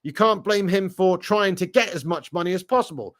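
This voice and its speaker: A man's voice: high-pitched, a little fast, fairly bright tone. A man hosting a live football chat, reading out viewer comments and teasing them with blunt jokes and frequent laughter. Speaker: fan channel host reading live chat.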